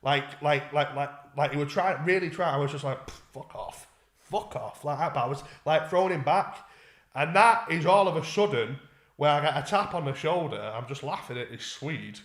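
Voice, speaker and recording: Man, podcast co-host, sweary rambling storyteller, fairly high voice, echoey room. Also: normal speed, fairly bright tone. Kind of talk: casual storytelling chat.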